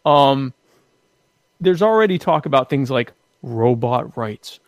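A man's voice: medium pitch, lively intonation, takes it slowly, no room sound, studio quality. A man on a casual podcast, talking in an opinionated, emphatic way and often repeating words as he starts a point.

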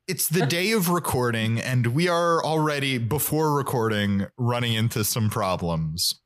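A man's voice: medium pitch, lively intonation, moderate pace, few pauses, a bit bright. A man co-hosting a casual podcast, recapping a TV episode, who laughs often and searches for words. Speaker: podcast co-host.

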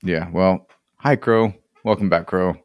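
A man hosting a relaxed podcast chat, easygoing and often repeating his first words. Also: low-pitched, unhurried, no room sound, clean studio sound. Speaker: podcast host.

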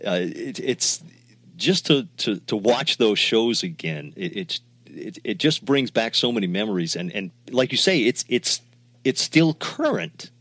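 A male radio host asking enthusiastic, halting questions full of restarts in a casual interview. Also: lowish voice, sing-song, fairly bright tone, dry recording.

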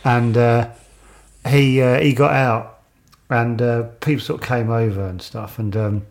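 A man's voice: medium pitch, steady tone, unhurried, vocal fry. A man, chatting casually on a podcast and laughing often as he tells an anecdote. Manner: laughs a lot while telling anecdotes.

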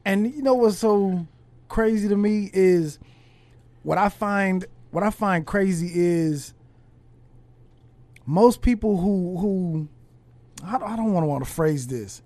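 Guy hosting a podcast, high voice, dry close sound, kinda halting and thoughtful. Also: darkish tone, dry recording. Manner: reflective, halting, with many restarts. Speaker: podcast host. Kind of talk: casual conversation.

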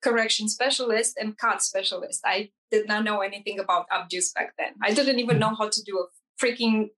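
A woman hairstylist telling a personal story in an interview, earnest and halting, often restarting her sentences and acting out dialogue. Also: medium pitch, poor audio. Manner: animated, acts out dialogue in quoted voices. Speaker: hairstylist guest.

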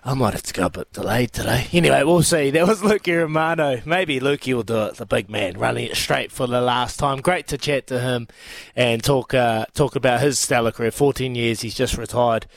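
A man co-hosting a sports radio breakfast show in casual chat, laid-back and quick to laugh. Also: medium pitch, vocal fry, dry recording, clean studio sound.

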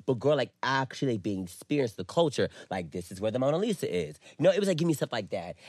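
Animated campy young man chatting. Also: mid-range voice, quick pace, hardly any pauses, dry recording. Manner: animated, campy, squealing into laughs. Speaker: podcast co-host. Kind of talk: casual chat.

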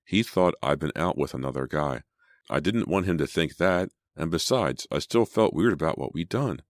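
A flustered, defensive teenage girl, protesting and pleading, as a man with a very deep voice puts her on. The reading is dry and close, her pitch lifted above his own. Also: animated, moderate pace, dry recording. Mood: confessing.

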